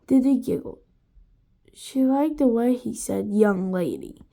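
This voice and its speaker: A woman reading a children's chapter book aloud, with slow, expressive storytelling. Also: high-pitched, vocal fry. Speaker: reader.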